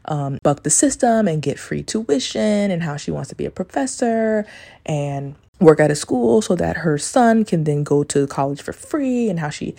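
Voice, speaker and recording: A woman hosting a podcast, talking in a candid, confessional way, swearing freely and keeping her voice low so she won't be overheard. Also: animated, normal speed, vocal fry, warm tone. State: talking low to stay quiet. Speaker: podcast host. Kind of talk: casual confessional monologue.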